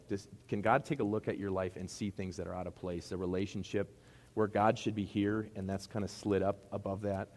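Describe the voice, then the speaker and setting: Man, Midwestern accent, pastor's sermon, chatty rhetorical questions, lowish voice, long reverb of a school hall. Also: fairly even intonation, a little fast, a little mellow. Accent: Midwestern American. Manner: conversational, asks the congregation rhetorical questions. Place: middle school hall used for church.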